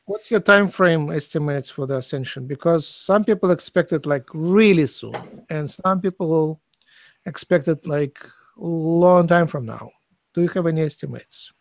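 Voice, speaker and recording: A man's voice: a little high, moderate pace, gravelly, no echo, clean studio sound. A man interviewing a channeler, asking searching questions in a hesitant, restarting way. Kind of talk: conversational questioning.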